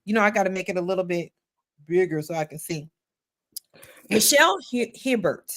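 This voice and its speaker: A woman's voice: lowish voice, animated, brisk, fairly bright tone. A woman hosting a casual livestream talk show, chatty and folksy, often repeating herself and speaking straight to her audience. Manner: playful, addresses audience as y'all. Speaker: podcast host.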